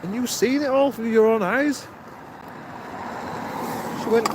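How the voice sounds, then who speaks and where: A man's voice: very high voice, slow. Rambling man on a noisy street. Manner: rambling, exasperated, laughs nervously. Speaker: livestreaming auditor. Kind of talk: rambling live-stream vlog. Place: outdoors in town by traffic. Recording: noisy street traffic behind.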